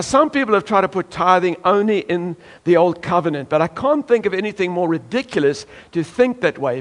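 A man from South Africa preaching a sermon emphatically, now and then acting out voices from the congregation. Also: high voice. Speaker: pastor.

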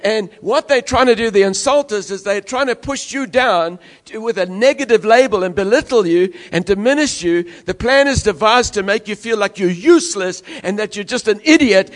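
A male pastor preaching a sermon to his church, swinging between loud declarations and hushed, intense stretches. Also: high-pitched, animated, normal speed, few pauses.

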